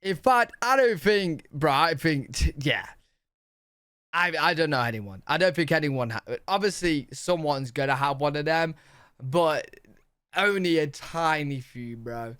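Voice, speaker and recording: A man hosting a reaction video, talking in slangy, excitable, rambling casual commentary. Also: on the high side, unhurried, clean tone. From United Kingdom.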